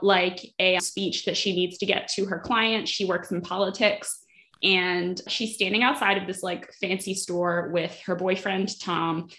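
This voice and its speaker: Casual woman podcaster, mid-pitch, chatty, retells scenes with quoted dialogue. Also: pushed and bright. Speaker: podcast co-host. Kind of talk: casual chat recapping a TV episode.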